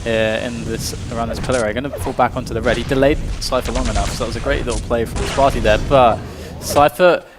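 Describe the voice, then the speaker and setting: A man casting a live online game match, play-by-play, getting excited at big plays. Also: mid-range voice, quick pace, hardly any pauses, over music. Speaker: esports caster. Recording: long reverb and steady noise.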